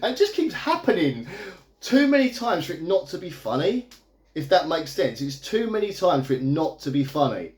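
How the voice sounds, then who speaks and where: A man's voice: on the high side, big pitch swings, moderate pace. A man in a casual video review, recapping a movie plot in a chatty, amused, rambling way. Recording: echoey room.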